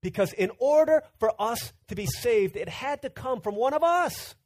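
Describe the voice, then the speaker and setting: A man in his thirties preaching a sermon, telling stories conversationally and swinging from loud urgent bursts to hushed quiet. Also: extremely high pitch, lively intonation, moderate pace, no room sound. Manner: storytelling, conversational. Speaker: pastor.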